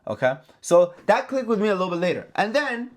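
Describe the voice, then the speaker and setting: A man hosting a casual trading recap vlog, talking in an animated, profane way and repeating himself for emphasis. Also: high voice, brisk. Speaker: trading channel host.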